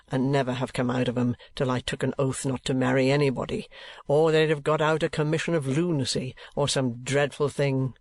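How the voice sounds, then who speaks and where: A man voicing a pompous, penny-pinching older male rate collector, slow and fussy in his talk. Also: fairly high pitch, dry recording, close to an everyday voice.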